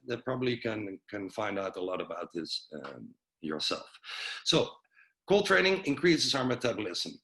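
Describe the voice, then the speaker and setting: A man's voice: medium pitch, fairly bright tone, low-quality recording. A man giving an informal health presentation on a video call, loose and chatty with lots of fillers and restarts. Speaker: webinar presenter.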